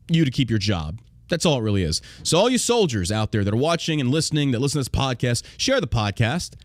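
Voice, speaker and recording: A man's voice: medium pitch, no room sound. A man hosting a podcast, ranting in a profane, combative and indignant way. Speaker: podcast host.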